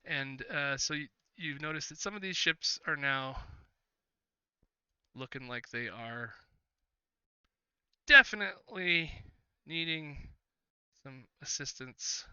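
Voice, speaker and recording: Bright, crisp-voiced man running a game. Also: on the high side, lively intonation, slow pace, pauses often, no echo, muffled recording. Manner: chatty, laughs often, many fillers. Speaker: game master. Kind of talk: narrating a tabletop game.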